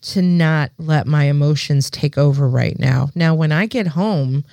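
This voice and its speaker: A woman's voice: deep voice, unhurried, gravelly, warm tone, dry recording. Earnest woman co-host, dry close sound. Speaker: podcast co-host. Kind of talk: casual chat.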